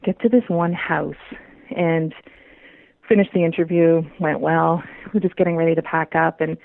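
Lady calling in, tinny dry phone sound, chatty and lively, laughs a lot. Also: sits low, normal speed, creaky, no echo. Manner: animated, laughs often, repeats words. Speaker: guest telling a personal story. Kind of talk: casual storytelling.

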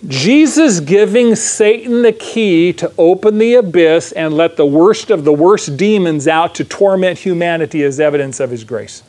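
A man's voice: on the high side, animated, moderate pace, hardly any pauses, a little mellow. A man preaching a verse-by-verse sermon, emphatic, repeating phrases and checking in with "right?". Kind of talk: sermon, verse-by-verse Bible teaching.

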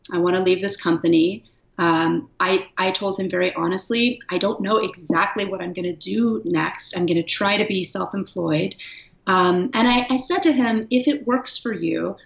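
A woman writer appears as a guest in a casual interview, talking candidly and thoughtfully and laughing from time to time. Her voice is fairly low and creaky, at a normal pace, and the recording is echoey, dull and lo-fi.

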